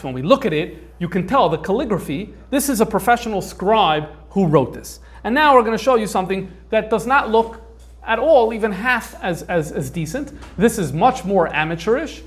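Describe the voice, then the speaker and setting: High-voiced man lecturing with many fillers. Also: big pitch swings, a little fast. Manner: conversational, thinks aloud with frequent fillers. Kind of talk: informal lecture on manuscripts.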